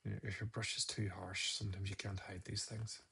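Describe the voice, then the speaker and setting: A man's voice: fairly low pitch, little pitch movement, fairly quick, creaky, bright, forceful tone, a little hiss or hum. A man, a photographer teaching photo editing on a live stream, muttering his steps aloud and scolding himself. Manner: muttering, self-scolding, chatty asides.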